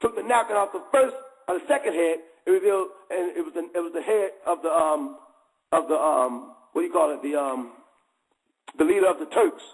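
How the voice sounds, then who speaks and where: A male host gives a casual, preaching talk in a loose, conversational style. He keeps checking in with his listeners as he goes. His voice is high and gravelly. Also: a little fast, poor audio.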